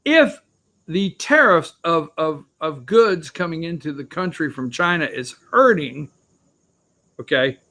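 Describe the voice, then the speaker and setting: A man's voice: sits high, pushed and bright. A man hosting a political opinion show, ranting sarcastically about the news from an office. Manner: ranting, sarcastic, repeats himself.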